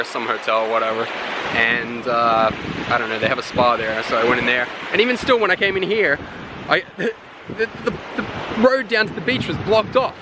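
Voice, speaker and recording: An Australian man vlogging casually outdoors, rambling and swearing, turning animated when he tells a story. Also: medium pitch. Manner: rambling, profane, animated when telling stories. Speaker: travel vlogger. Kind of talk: casual walking vlog. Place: outdoors by a windy beach and city road. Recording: wind and traffic noise outdoors.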